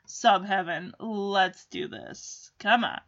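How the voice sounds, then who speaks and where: A woman's voice: medium pitch, slow, a bit bright, dull audio, voice pushed down. A woman quoting an eager, pushy young man in her own casual voice.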